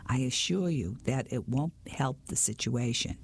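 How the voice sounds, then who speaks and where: Whispered role-play: male reader doing a curt lady agent, gravelly whisper. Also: mid-range voice, lively intonation, a little slow, full character voice. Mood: placating. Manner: clipped, placating. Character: prim, clipped woman insurance agent.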